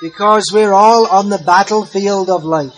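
A man's voice: sits high, fairly even intonation, normal speed, rough recording. A man giving a talk on spiritual philosophy and patiently leading listeners in a call-and-response chant. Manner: patient, inviting, repeats words for a crowd. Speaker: devotional teacher.

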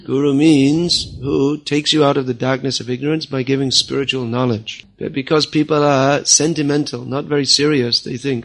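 A man's voice: medium pitch, fairly even intonation, normal speed, creaky, hardly any pauses. Man giving a firm spiritual lecture. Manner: firm, scolding, quotes others in mock voices. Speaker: spiritual teacher. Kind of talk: religious lecture.

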